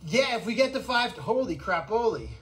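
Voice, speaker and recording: A man hosting a casual live vlog outdoors on an animal sanctuary farm, talking in an excitable, rambling way. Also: high voice, moderate pace, rough recording.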